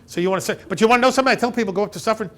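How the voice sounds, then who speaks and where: Chatty, somewhat high-voiced man giving a seminar. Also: very fast. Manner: animated storyteller who acts out both sides of conversations; checks in with the audience with frequent "okay?". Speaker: elder law attorney giving a seminar. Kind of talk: conversational seminar talk with retold client dialogues. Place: seminar room before a live audience.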